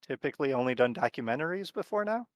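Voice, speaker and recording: A man's voice: medium pitch, fast talker, dry recording. Easygoing man running a tabletop game. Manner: relaxed, rambling narration with many fillers. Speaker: game master. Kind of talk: narrating a tabletop horror game.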